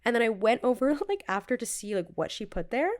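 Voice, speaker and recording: A young woman chats casually as a podcast co-host, telling stories with lots of animation. She acts out what people said and laughs often. Her voice sits a little high. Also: sing-song, brisk. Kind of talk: casual chat.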